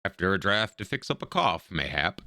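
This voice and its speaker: A man's voice: deep voice, big pitch swings, fairly quick, bright, forceful tone, no echo, studio quality, full character voice. A man reading as a rambling old village woman. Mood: quaint. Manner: quaint archaic phrasing, read aloud.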